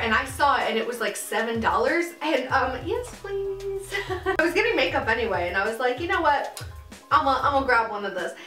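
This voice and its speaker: A young woman with a high, fairly bright voice vlogs casually to the camera, giggling often and stuffing her speech with "like" and "um." The sound is echoey with the mic far away and music playing underneath.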